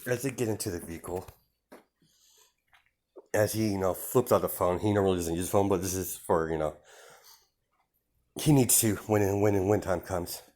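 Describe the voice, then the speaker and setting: A man's voice: deep voice, moderate pace, pauses often, darkish tone. A man casually telling a made-up fan story, rambling with many fillers. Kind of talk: casual improvised narration.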